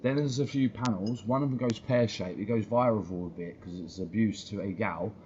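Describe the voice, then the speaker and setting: A man hosting a fan channel gives heated, fast-talking live-stream commentary, swearing a lot. His voice is lowish with a dark tone, heard through dull lo-fi stream audio with faint noise.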